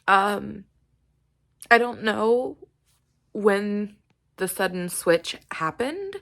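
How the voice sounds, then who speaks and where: Young woman, book vlogger, casual chat, unhurried, gravelly voice, gushing. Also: mid-range voice, a bit bright. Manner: chatty, gushing, laughs often. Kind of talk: casual reading vlog.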